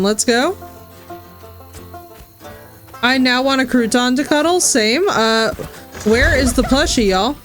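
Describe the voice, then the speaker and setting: A woman streaming a game, her voice sitting a touch high. She gushes and exclaims as she plays, with soft game music under her. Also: slow pace, pauses often. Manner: effusive, exclaiming, gushing. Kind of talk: live gameplay commentary. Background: faint game music.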